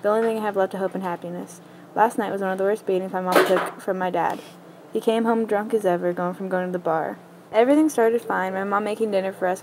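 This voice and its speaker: A woman reading a story aloud in a quick, plain way, with small stumbles now and then. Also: medium pitch, darkish tone, slight background noise, rough recording.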